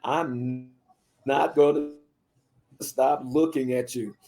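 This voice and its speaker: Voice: medium pitch, steady tone, slow, dark tone. A storyteller voicing a polite but stubborn eight-year-old girl, using a sweet, small voice. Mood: defiant.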